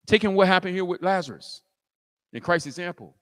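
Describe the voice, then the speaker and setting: A man preaching a sermon as pastor, telling the story in animated fashion, acting out the scene and rising to shouts. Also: sits high, brisk, pauses often, big-room sound.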